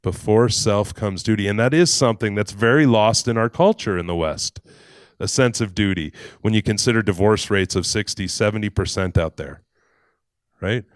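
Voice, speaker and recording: Brief: man, storytelling talk, lowish voice, dry close sound. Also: normal speed, no room sound. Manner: conversational, with fillers and acted quotes. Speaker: speaker.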